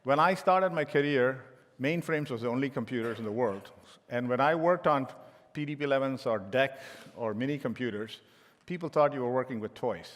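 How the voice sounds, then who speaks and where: A man's voice: medium pitch, fairly quick. A middle-aged man giving a conference keynote as a tech executive, telling joking anecdotes with frequent restarts. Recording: long hall reverb.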